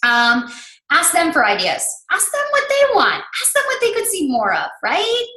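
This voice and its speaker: A woman's voice: extremely high pitch, wildly swooping pitch, normal speed, pushed and bright, echoey room, rough recording. A woman coach giving a presentation to other coaches, chatty and emphatic, peppering her talk with "like". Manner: chatty and emphatic, heavy use of "like".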